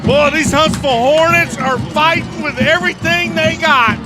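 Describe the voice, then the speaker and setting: Very high-voiced excited analyst man. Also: normal speed, over loud music. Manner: enthusiastic, exclaiming, talks to the folks at home. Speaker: color analyst. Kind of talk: live sports commentary.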